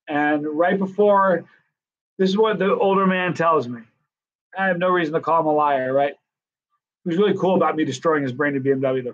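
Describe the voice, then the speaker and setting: A man's voice: fairly high pitch, muffled recording. A middle-aged man, the host of a live stream, tells rambling stories to his viewers, with restarts and acted-out dialogue. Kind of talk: casual storytelling to live viewers.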